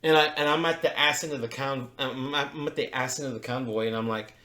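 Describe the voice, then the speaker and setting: A man's voice: medium pitch, fairly even intonation, fast talker, sharp tone. A man co-hosting a podcast, telling a long, profane story in casual chat. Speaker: podcast co-host. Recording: roomy echo.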